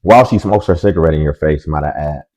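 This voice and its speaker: A man's voice: a bass voice, fast talker, darkish tone, poor audio. A man hosting a commentary video, speaking in a dry, sarcastic way. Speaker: commentary host. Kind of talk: scripted commentary.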